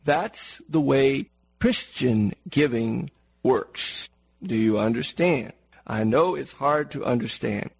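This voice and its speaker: This preacher speaks slowly in a medium-pitched, gravelly voice with a breathy edge, captured in a dry, low-quality recording. Earnestly, he repeats words for emphasis and poses questions to the congregation.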